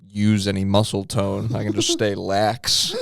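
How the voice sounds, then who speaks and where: A man's voice: lowish voice, flat delivery, measured pace, vocal fry, dry recording. A man co-hosting a comedy podcast, trading wry, joking banter. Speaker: podcast co-host. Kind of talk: casual comedy podcast chat.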